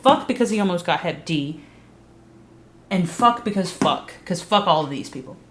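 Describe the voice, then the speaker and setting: A woman casually recapping a TV series, swearing freely and acting out characters' lines in an animated storytelling way. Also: fairly low pitch, moderate pace. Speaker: video recap host. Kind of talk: casual profane recap commentary. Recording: roomy echo with faint background hiss.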